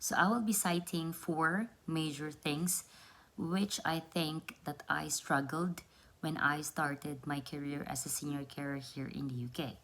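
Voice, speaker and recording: Woman, young adult, low-pitched, earnest casual vlog delivery. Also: steady tone, a little slow, a bit bright. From Philippines. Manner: earnest and explanatory, often repeats words. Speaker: vlogger.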